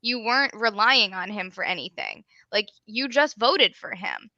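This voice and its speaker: A woman's voice: medium pitch, lively intonation, normal speed, pushed and bright, dry recording. A woman guest on a live discussion show, giving her opinions with enthusiasm in casual chat. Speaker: guest panelist. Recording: dull lo-fi audio.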